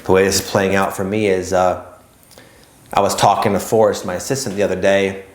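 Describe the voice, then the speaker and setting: A man's voice: deep voice, flat delivery, a little fast, roomy sound. A man hosting a spiritual video, talking casually and rambling, with lots of "like" and "kind of". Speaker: spiritual YouTube host. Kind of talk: casual spiritual talk to camera.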